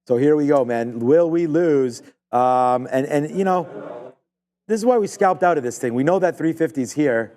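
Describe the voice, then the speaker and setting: Man, trading stream host, live market commentary, rambling and excitable, warm mellow tone. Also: a little high, normal speed. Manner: rambling, excitable, filler-heavy.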